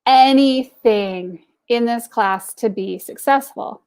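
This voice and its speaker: A woman's voice: fairly high pitch, slow pace, darkish tone, clear, resonant tone. A woman voicing a young female student who begs eagerly for a good grade. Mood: pleading. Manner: begging, eager.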